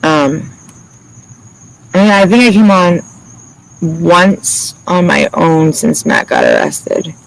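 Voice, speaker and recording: A man's voice: sits high, wildly swooping pitch, slow pace, vocal fry, long pauses, a bit bright, low-quality recording. A man chatting casually to viewers on a livestream, rambling and swearing freely, laughing often.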